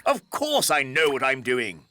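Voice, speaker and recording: A man's voice: mid-range voice, wildly swooping pitch, unhurried, heavy background noise. An actor voicing a bumbling, pompous king who blusters and gives commands.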